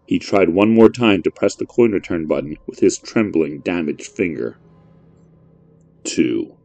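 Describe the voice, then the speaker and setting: A man narrating a horror story in a measured, brooding way. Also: low-pitched, gravelly, dark tone, no room sound.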